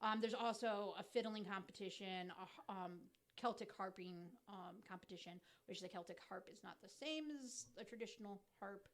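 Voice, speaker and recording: A woman co-hosting a casual podcast chat, explaining things at length with many pauses and fillers. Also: mid-range voice. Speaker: podcast co-host.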